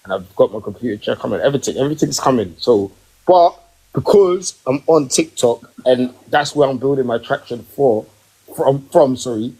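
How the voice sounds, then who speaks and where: A man hosting a podcast live stream from home, ranting emphatically in casual chat and rising in pitch when worked up. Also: lively intonation, moderate pace, dark tone, breathy edge, rough recording. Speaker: podcast host. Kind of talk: heated casual rant.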